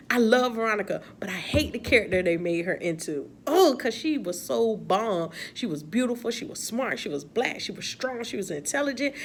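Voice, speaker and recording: Woman reviewer, chatty, exasperated, laughing asides, faint hiss behind. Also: fairly high pitch. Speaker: TV episode reviewer. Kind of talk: casual recap and commentary.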